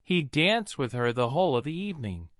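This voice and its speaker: A man narrating a fairy tale in an expressive storybook style. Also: on the high side, brisk, no echo, clean studio sound. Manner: expressive, lilting delivery.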